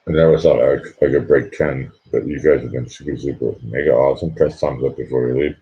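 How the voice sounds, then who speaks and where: A very deep-voiced man hosts a late-night stream in a sleepy, hushed ramble. He keeps his voice low so he doesn't wake the house. The audio is dull and lo-fi. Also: steady tone, a little fast. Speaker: livestream host. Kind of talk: quiet late-night livestream chat.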